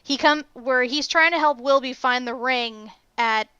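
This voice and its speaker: A young woman co-hosting a casual film review chat, talking in an animated, exasperated way and swearing freely. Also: sits high, unhurried, clean tone, no room sound. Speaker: podcast co-host.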